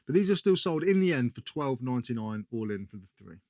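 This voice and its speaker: A man's voice: mid-range voice, very animated, quick pace, a little mellow. A British man chatting casually about his resale finds, slangy and often correcting himself mid-sentence. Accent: British English. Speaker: reseller vlogger. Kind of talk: casual chat.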